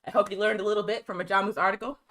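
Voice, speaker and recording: Woman, live stream host, quick emphatic delivery, bright clear voice, computer mic. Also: medium pitch, fairly even intonation, rough recording. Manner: fast-talking, emphatic, addresses viewers as y'all. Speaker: host of a live political news show. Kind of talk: live-streamed political commentary and reading.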